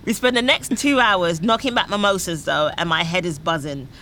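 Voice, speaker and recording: A woman's voice: fairly low pitch, moderate pace, fairly bright tone, slight background noise. A young woman, a comedian, telling a dramatic story in a playful way on a panel show.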